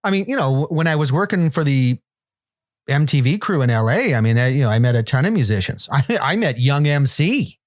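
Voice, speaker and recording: A man's voice: mid-range voice, sing-song, a little fast, no room sound, studio quality. A man in his fifties co-hosting a podcast, telling rambling, self-deprecating anecdotes full of restarts. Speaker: podcast co-host. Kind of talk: casual chat, storytelling.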